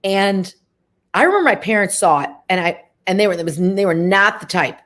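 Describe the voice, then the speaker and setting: A middle-aged actress as an interview guest, chatting casually and laughing, who slips into quick impressions while telling stories. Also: female voice, mid-range voice, fairly bright tone.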